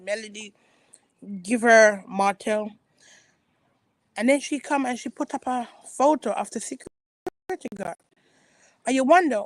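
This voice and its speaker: A woman vlogger offers casual opinion commentary, speaking emphatically and repeating herself with frequent restarts. Her voice is a little high, with no echo.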